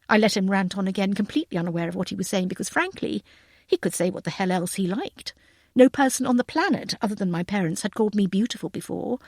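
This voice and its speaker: A woman narrating a novel in the first person, in a wry, lively storytelling manner. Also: mid-range voice, quick pace, no room sound, clean studio sound. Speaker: audiobook narrator.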